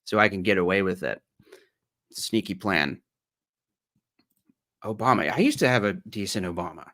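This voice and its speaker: A man's voice: deep voice, lively intonation, moderate pace, sharp tone. A man with an Ohio accent giving sarcastic, mocking livestream commentary on an article he reads aloud. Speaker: streamer.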